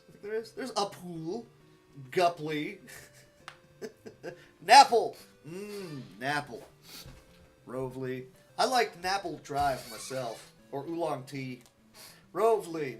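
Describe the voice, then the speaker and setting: Male speedrunner, a touch high-pitched, muttering dry asides over faint game music. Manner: muttered, wry asides to himself. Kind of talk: live gameplay commentary.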